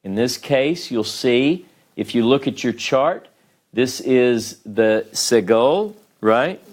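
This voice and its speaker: A man teaching a small class in a meeting room, speaking slowly and patiently. He breaks each point down step by step and keeps checking whether the students are following. His voice sits at an ordinary middle pitch. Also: lively intonation. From United States. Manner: patient, explains step by step, frequent "okay?" checks. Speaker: Hebrew teacher. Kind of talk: classroom lecture at a whiteboard.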